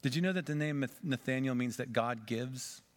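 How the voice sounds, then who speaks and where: A man's voice: medium pitch, moderate pace. Storytelling male pastor. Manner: dramatic storytelling, varying loudness and pace. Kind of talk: sermon.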